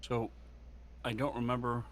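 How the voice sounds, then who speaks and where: A man's voice: mid-range voice, completely flat delivery, normal speed, slight background noise. A man playing a tabletop game, rambling and a little unsure of the rules. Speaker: player. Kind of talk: casual chat at a game table.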